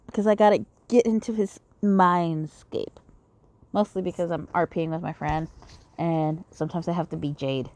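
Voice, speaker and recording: A woman's voice: fairly low pitch, fairly even intonation, normal speed, a little mellow. A young woman giving casual commentary while playing a story game, chatty and giggly, swearing casually. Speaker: game player reading aloud. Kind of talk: casual let's-play commentary.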